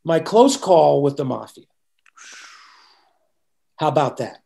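Older male musician guest, tells stories with animated quotes, slightly raised pitch. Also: slow, gravelly. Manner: animated storyteller who acts out quotes. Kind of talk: storytelling in a casual interview.

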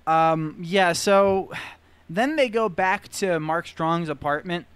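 A man's voice: sits high, slow pace, fairly bright tone, smooth, no echo. A man co-hosting a movie podcast, rambling through his points with restarts. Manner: rambling, many fillers and restarts. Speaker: podcast co-host. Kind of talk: casual movie review chat.

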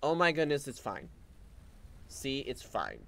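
A man's voice: mid-range voice, wildly swooping pitch, measured pace, creaky, a bit bright, slight background noise. A man giving casual, sarcastic commentary while he plays a game, swearing and breaking into goofy exclamations. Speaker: game streamer.

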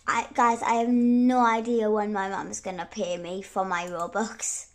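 A young girl chatting through her gameplay, giggly and quick to say sorry. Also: medium pitch, little pitch movement. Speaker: gaming YouTuber. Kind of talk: casual gameplay commentary.

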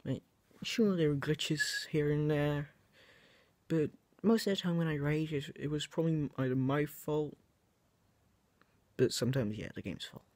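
A man's voice: a little high, a little slow, pauses often, a little mellow, dry recording. A young man chatting casually to his viewers, rambling and hesitant, often restarting his sentences and poking fun at himself. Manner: self-mocking. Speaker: vlogger. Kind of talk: casual chat to camera.

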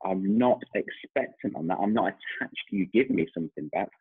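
An English man in his thirties hosts a relaxed interview, thinking aloud with many restarts. His low voice is husky. The sound is dry and thin, like a phone-quality video call. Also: brisk, no echo. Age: 30s. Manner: thoughtful, rambling, frequent restarts and fillers. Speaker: host, confidence coach. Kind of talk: casual interview chat.

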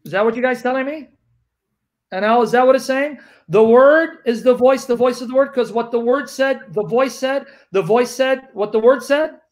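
Man, high-pitched, host, emphatic, repetitive, teaching scripture. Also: moderate pace. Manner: emphatic, repeats points for the audience. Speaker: livestream host. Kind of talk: teaching Bible study talk.

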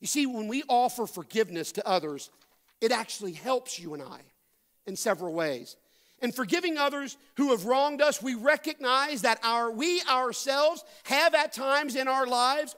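An American pastor delivers a sermon in a church sanctuary. His voice sits very high for a man. He builds to emphatic peaks, then sinks to a quiet hush to drive a point home. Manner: preaching with rising emphasis and dramatic drops to a hush.

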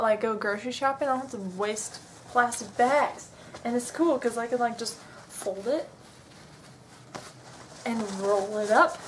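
A woman's voice: on the high side, poor audio. Gushing young woman, faint background noise. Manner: gushing and excitable, with frequent gasps and soft whispers. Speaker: vlogger. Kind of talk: unboxing vlog.

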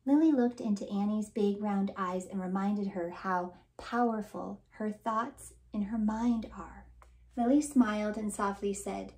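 A woman, a children's author and librarian, reading a storybook aloud in a warm, expressive storytelling voice. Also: mid-range voice, a little slow.

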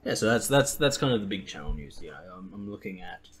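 A man's voice: lowish voice, sing-song, fast talker. A young man hosting a podcast in casual chat, rambling and laughing at his own stories. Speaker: podcast host.

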